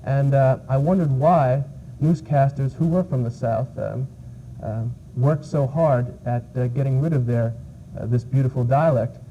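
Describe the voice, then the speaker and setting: A man from New York, a visiting English teacher, answers an interviewer in a dark, very mellow voice. He stops often on uh and um while he gathers his thoughts. The sound is dull and muffled, with a faint hiss behind it. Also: mid-range voice, measured pace. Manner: hesitant, many fillers.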